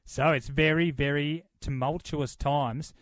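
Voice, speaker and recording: A man with an Australian accent co-hosting a podcast, tossing in jokey deadpan asides. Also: a little high, unhurried, no room sound. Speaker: podcast co-host. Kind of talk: casual comedic podcast chat.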